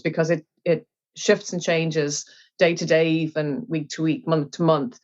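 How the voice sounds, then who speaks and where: An Irish woman giving a lively explanation as a guest in an interview and acting out small voices along the way. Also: sits low, dull audio. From Ireland. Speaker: guest, yoga teacher.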